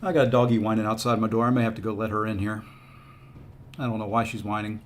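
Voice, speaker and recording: A man's voice: fairly low pitch, flat delivery, fast talker, slight background noise. A man streaming a mobile fighting game, talking to himself and his chat in a rueful, easygoing way. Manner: rueful, self-talking, coaxing the opponent. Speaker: gaming streamer. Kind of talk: casual gameplay commentary.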